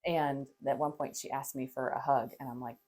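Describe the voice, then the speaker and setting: A woman in her thirties, a counselor, tells parenting stories in an animated way, laughing often and softening into a gentle voice when she quotes herself. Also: extremely low pitch, normal speed. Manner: animated storytelling, acts out soft calm parent voice, laughs often. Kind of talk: podcast conversation.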